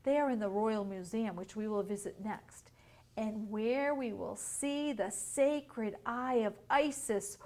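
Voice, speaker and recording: A woman's voice: mid-range voice, slow, a little mellow. A woman voicing a prim female ibis schoolteacher in a storybook, addressing her class instructively.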